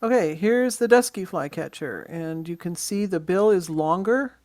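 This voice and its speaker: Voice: mid-range voice, expressive, moderate pace, a little mellow, dry recording. Casual, dry-voiced birding instructor. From Western Washington. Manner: casual, points at photos, many ums and uhs. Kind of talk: slide-show bird identification lesson.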